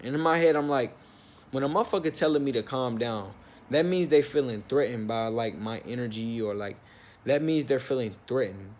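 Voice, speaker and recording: A young man with a middle-height voice tells a story straight to the camera. His talk is loose and slangy, full of "like" and "bro" and plenty of swearing. When he gets heated, his pitch jumps up. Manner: animated, with bursts of rising pitch when worked up. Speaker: vlogger telling a story. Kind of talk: storytime vlog, casual chat.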